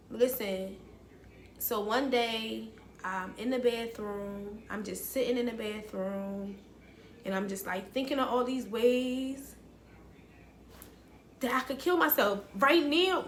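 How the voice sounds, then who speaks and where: A woman's voice: a little high, a bit bright, echoey room, a little hiss or hum. A young woman, telling a raw personal story to her viewers, blunt and emotional and swearing freely. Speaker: vlogger. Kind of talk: candid storytelling to camera.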